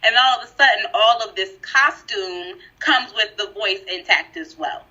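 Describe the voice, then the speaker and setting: Woman podcast co-host, animated and emphatic, bright husky tone, lo-fi sound. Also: medium pitch, moderate pace. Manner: animated, emphatic, laughs often. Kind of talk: casual panel discussion. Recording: dull lo-fi recording.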